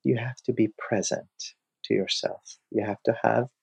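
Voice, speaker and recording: A middle-aged man giving a slow, reflective teaching talk, telling stories and lifting his voice to act out quoted lines. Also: steady tone, gravelly, a little mellow, slightly rough. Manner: slow, storytelling, voices quotes with rising pitch. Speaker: host, scholar of Sufism.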